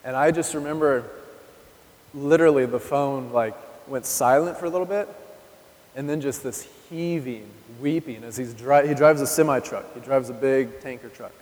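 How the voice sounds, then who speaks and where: A man's voice: mid-range voice, moderate pace, a little mellow. Candid male preacher in a reverberant hall. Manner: candid, conversational, addresses the audience directly. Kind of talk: personal testimony sermon. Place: church hall. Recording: live recording in a reverberant hall.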